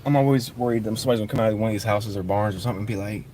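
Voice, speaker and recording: A man's voice: on the low side, racing. A man hosting a livestream, chatting and joking casually while driving in a car. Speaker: livestream host, storm chaser. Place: inside a moving car. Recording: loud road noise.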